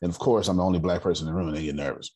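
Talking very fast in a deep, warm, husky voice with fairly even intonation, a man in his thirties leads a personal finance meeting. He tells stories emphatically, repeats key lines and is blunt and funny.

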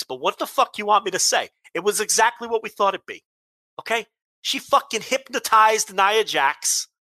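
A man's voice: high voice, bright, forceful tone, no room sound. A man hosting a wrestling podcast, ranting bluntly with heavy swearing and exasperation. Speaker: podcast host. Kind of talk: casual chat, ranting.

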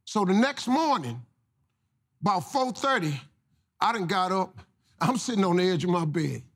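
Animated high-voiced man telling a motivational story. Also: moderate pace, pauses often. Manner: animated, preachy, folksy. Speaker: guest storyteller.

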